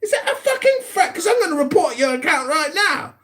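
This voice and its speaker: A man's voice: extremely high pitch, sing-song, brisk, fairly bright tone, pitched above the performer's own voice, full character voice. A man doing a mocking, put-on English accent as a theatrical, sneering insulter in a voice chat roast. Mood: indignant. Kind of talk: mock roast in a voice chat room.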